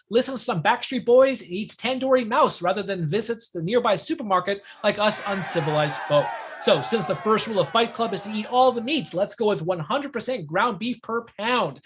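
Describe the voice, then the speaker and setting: A man's voice: high voice, fairly bright tone, slightly rough. A man hosting a mock game show on a video call, quipping jokes at his panelists. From Canada. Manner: jokey, quick-quipping.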